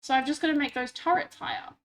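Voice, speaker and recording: A woman's voice: high-pitched, fast, fairly bright tone. A woman with a stuffy nose, chatting casually and rambling with self-mocking asides while she streams a game at home on a desk microphone. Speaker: livestreamer. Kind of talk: casual chat while gaming.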